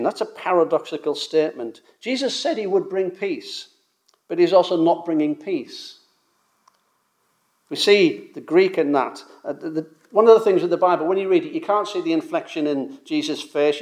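A man preaching an expository sermon, emphatic, swelling and dropping his volume and slowing down on key phrases. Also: on the high side, a little mellow.

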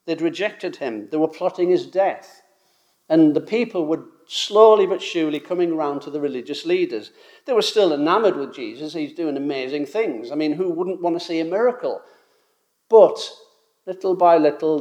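A man preaching an expository sermon, emphatic, swelling and dropping his volume and slowing down on key phrases. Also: on the high side, darkish tone.

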